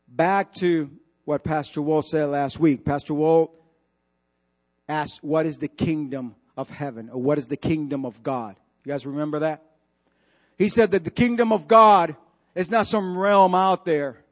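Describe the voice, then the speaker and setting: A man with a high voice preaches a sermon in church, emphatic and repetitive, asking the congregation direct questions.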